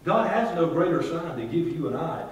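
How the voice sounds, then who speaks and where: Man, pastor preaching, high voice, heard from far off. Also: animated, normal speed, slight background noise. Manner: preaching with call-and-response, swings between loud and quiet. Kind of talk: sermon. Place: large church hall. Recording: very echoey church hall, from far off.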